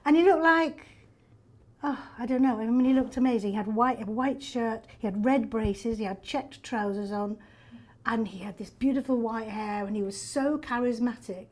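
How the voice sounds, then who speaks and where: An older woman, a stage actor telling backstage stories in a lively, self-deprecating way with frequent laughs. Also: on the high side, normal speed. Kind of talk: backstage storytelling. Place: theatre backstage.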